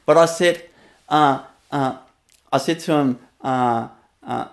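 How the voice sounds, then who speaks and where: A man's voice: mid-range voice, slow pace, gravelly. Vietnamese-accented man, laughing as he talks. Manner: laughs often, loose and rambling with many fillers. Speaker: spiritual teacher. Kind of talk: storytelling webinar talk.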